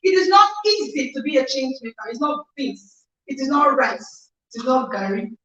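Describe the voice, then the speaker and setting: A Nigerian woman hosting an online conference livestream, energetic and emphatic, repeating phrases and reading out viewers' comments. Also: high voice, normal speed. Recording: echoey distant lo-fi livestream audio.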